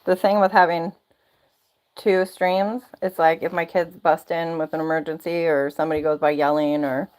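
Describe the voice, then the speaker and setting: A woman's voice: low voice, flat delivery, moderate pace, darkish tone, low-quality recording. A woman hosting a casual livestream, chatty and rambling, laughing often, talking into a phone or laptop mic. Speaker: livestream host.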